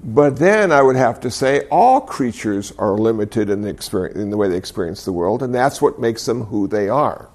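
An older man giving a dharma talk, telling stories in a gently humorous, reflective way and laughing at himself. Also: on the low side, animated. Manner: gently humorous storytelling with self-deprecating chuckles; reflective, unhurried. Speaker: Buddhist speaker.

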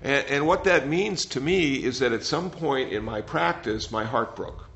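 A man's voice: mid-range voice, normal speed, gravelly. Older man giving a rambling dharma talk. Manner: gentle, rambling, repeats words. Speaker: meditation teacher. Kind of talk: dharma talk with audience questions. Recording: slightly dull sound, faint noise.

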